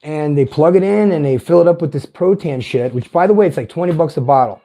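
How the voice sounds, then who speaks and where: A man in his fifties with a light tenor voice pitched a little high for a man, yet mellow and warm in tone. He rambles through a casual vlog monologue, swearing freely and correcting himself mid-sentence. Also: fast, hardly any pauses. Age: 50s. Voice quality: light tenor voice, not deep. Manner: meandering, profane, chatty with self-corrections. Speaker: vlogger.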